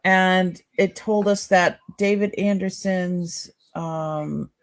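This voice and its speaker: A woman with a Boston accent talks slowly and casually, thinking out loud as she looks over pieces of jewelry. Her voice sits a little low, and her delivery is relaxed and unhurried. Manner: chatty, musing aloud while examining items. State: sore neck. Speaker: live-sale jewelry seller. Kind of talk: casual live-stream chat.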